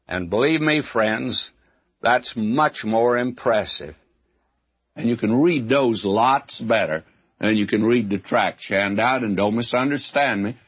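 A man giving a slow, folksy verse-by-verse sermon with frequent asides. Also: medium pitch, slightly rough. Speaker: Bible teacher. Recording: dull lo-fi old recording.

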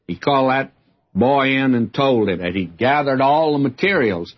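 A man's voice: mid-range voice, expressive, moderate pace, slightly rough, lo-fi sound. A man teaching through a book of the Bible in a folksy, earnest sermon, speaking directly to his listeners.

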